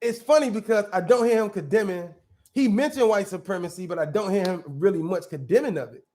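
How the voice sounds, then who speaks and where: A man with a high-pitched voice hosts a casual reaction commentary. He argues bluntly and with plenty of profanity, doubling back and restarting his sentences as he works through each point. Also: a little fast, mellow. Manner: blunt, profane, argumentative, restarts mid-thought. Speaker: commentary show host.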